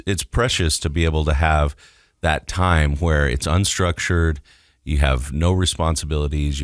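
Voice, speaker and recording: A man's voice: rumbling low, dry recording, clean studio sound. A man co-hosting a podcast, talking in a reflective, supportive way. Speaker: podcast co-host. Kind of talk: casual podcast chat.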